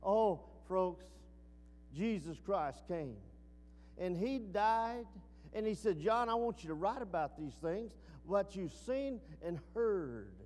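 A man preaching a sermon, swinging from emphatic peaks down to low, quiet asides. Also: lively intonation, takes it slowly. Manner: rising to emphatic peaks then dropping low. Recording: long reverb.

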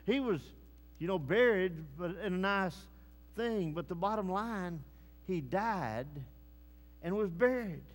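Hall-echoing preacher, man, slow delivery. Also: high voice, animated. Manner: swings from hushed to loud preaching. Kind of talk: sermon. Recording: long hall reverb.

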